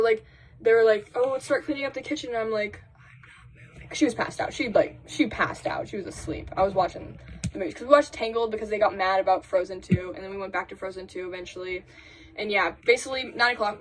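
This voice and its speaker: A young woman vlogging from home in casual chat, rambling through a story with lots of fillers, sighs and quoted friends. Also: medium pitch. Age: young adult. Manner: chatty and rambling, full of fillers and dramatic sighs. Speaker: college vlogger. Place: indoors at home, doing laundry.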